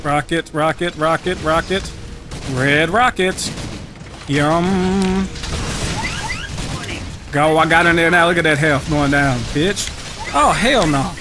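A young man giving live commentary over his own game match, profane, trash-talking and excitable. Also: fairly high pitch, slow, long pauses. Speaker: gaming channel host. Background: game music.

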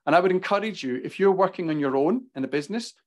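A man with a Glaswegian Scottish accent giving a business talk with slides, speaking quickly and passionately. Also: high-pitched, expressive. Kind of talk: presentation with slides.

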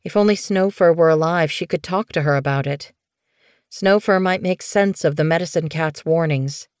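A woman narrating an audiobook in a steady, measured storytelling voice. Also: low-pitched, clean tone, dry recording, studio quality.

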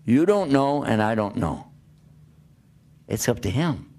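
A man giving a religious talk to an audience, lively and questioning, often acting out the voices of the people he quotes. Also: mid-range voice, unhurried. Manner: animated, plays out quoted voices and asks rhetorical questions. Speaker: Islamic preacher.

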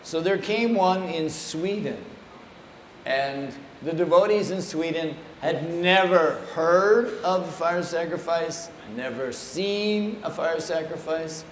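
A man telling humorous anecdotes at a temple talk in an animated, playful way. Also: a little high, slow. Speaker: speaker at a temple. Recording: echoey room, faint noise.

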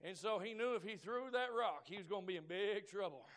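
A man preaching, telling folksy stories and building up to shouted exhortation. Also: sits high, animated, a little fast. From Oklahoma. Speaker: guest preacher. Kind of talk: Pentecostal preaching.

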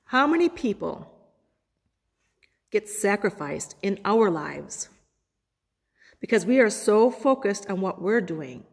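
A woman pastor preaching a sermon, quoting scripture with dramatic pauses. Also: mid-range voice. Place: church sanctuary. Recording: long hall reverb.

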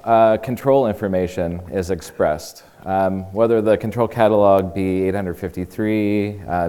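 Man, conference presenter, measured, low smooth voice, reverberant hall. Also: darkish tone. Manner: measured, frequent fillers. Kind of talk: technical presentation.

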